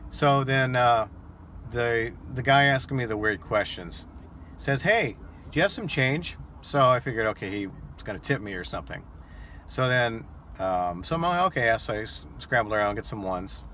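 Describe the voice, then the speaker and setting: A man's voice: medium pitch, normal speed, sharp tone, a little hiss or hum. A man who drives rideshare, telling a story casually to camera and acting out his own shocked reactions.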